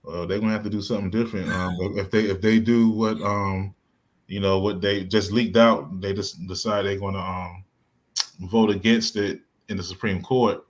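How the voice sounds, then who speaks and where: A man's voice: low voice, steady tone, normal speed. Male podcast co-host, loose rambling delivery, casual talk. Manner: rambling storyteller, many restarts and fillers. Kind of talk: casual chat.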